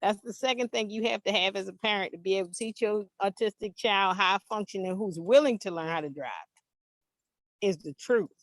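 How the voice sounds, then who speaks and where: A mother telling an animated, emphatic story in an interview, acting out the dialogue. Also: medium pitch, a little fast, no echo. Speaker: interview guest, parent.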